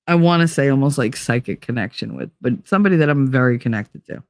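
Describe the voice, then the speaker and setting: A woman in her forties telling a casual late-night story on a stream, animated and swearing freely as she acts out quoted voices. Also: extremely low pitch, fast, no echo.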